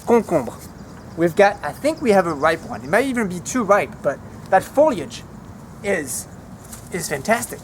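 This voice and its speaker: A man walking through a home vegetable garden outdoors, naming plants and teaching their French words in a relaxed, chatty way. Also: high voice, moderate pace, a little hiss or hum. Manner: relaxed, chatty, easily enthused. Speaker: language teacher giving a garden tour.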